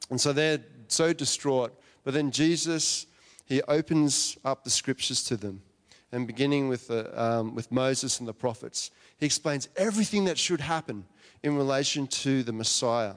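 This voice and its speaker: A man's voice: mid-range voice, moderate pace. Chatty man preaching in a reverberant hall. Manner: chatty, asks the listeners questions. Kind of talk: conversational sermon.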